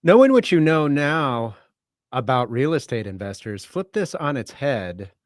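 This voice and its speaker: A man co-hosting a podcast and asking the guest long, measured questions. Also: medium pitch, very animated, no echo, clean studio sound. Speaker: podcast co-host. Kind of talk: interview questions.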